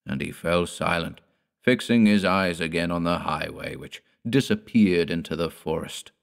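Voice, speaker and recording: Man, very deep voice, measured horror narration, deliberate pacing. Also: gravelly. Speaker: audiobook narrator. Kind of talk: scripted narration of a gothic horror tale.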